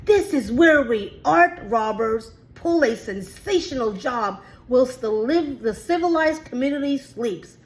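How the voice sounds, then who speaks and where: A woman's voice: sits high, animated, unhurried, hardly any pauses, voice pushed up, poor audio. A woman reading the lines of a boastful male art thief from a chapter book. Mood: smug.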